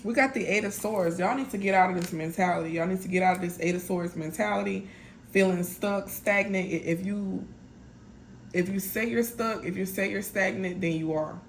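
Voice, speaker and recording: Addressing viewers directly, a woman gives a casual tarot reading in a mid-range voice at a moderate pace. Her manner is blunt and chatty, heavy on "y'all" and "like", and a little hiss or hum runs under the recording.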